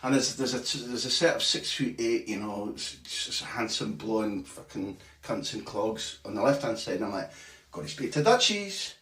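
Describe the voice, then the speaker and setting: A man's voice: on the low side, normal speed, few pauses, recorded from a distance. A man, a football journalist, telling a story on a casual podcast, swearing freely, restarting his sentences and acting out what other people said. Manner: animated, swearing, restarts often, acts out quotes. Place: small bathroom at home, remote call. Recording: echoey small room, off-mic.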